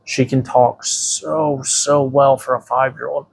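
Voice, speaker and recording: A man with a gravelly voice talks as a guest on a casual interview show. He rambles through stories, swears freely and keeps saying "you know." His voice sits in an ordinary middle pitch. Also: level tone, slow, slight background noise. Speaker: tattoo shop owner, podcast guest.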